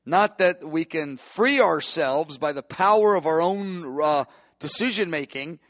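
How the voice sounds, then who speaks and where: A man's voice: a little high, unhurried, fairly bright tone, no room sound. Impassioned male preacher, dry sound. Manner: impassioned, builds to emphatic peaks, frequent restarts. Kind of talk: sermon.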